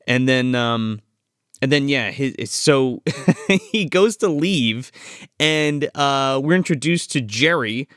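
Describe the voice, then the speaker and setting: Lively swearing man recapping a movie. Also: medium pitch, takes it slowly, clean tone, no room sound, studio quality. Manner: swears freely, laughs, recaps scenes playfully. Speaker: podcast co-host. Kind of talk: casual film review chat.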